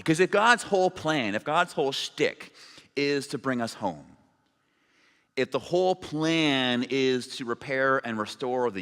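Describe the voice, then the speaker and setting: A man's voice: medium pitch, pushed and bright. A man preaching a sermon as pastor, in a conversational, informal way with asides. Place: church sanctuary. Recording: long reverb of a large hall.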